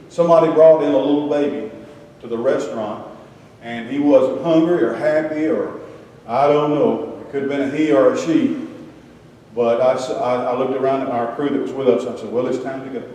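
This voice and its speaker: A man's voice: mid-range voice, brisk, mellow. An older man giving a folksy sermon, telling a Bible story with humorous asides. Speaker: preacher. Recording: echoey hall, distant mic.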